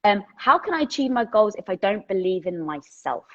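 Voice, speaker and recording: A woman, chatty and casual, giving motivational talk on a live stream through a headset, swearing lightly as she thinks out loud. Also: medium pitch, very animated, brisk, lo-fi sound.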